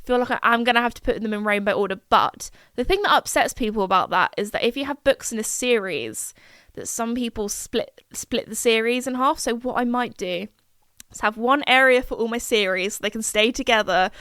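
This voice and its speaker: A woman's voice: fairly high pitch, fairly quick, pushed and bright, smooth, dry recording, clean studio sound. A young woman, hosting a podcast in a rambling, chatty way full of fillers. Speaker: podcast host. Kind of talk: casual chat.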